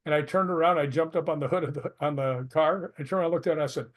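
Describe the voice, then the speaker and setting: Speaking fast in a voice on the high side, an older retired stuntman shares stories as a guest in a casual interview. He's an animated storyteller who laughs and acts out the quotes of the people involved.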